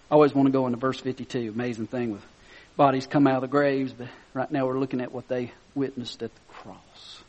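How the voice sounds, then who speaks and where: A man preaching a sermon, reading scripture softly and then rising to loud, excited emphasis, chuckling between points. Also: mid-range voice.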